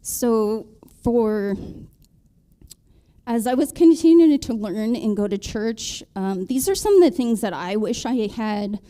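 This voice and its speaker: A married woman on a panel, telling her conversion story in a halting way, with many ums and restarts. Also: a little high, animated, warm tone. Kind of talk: personal testimony in a panel talk.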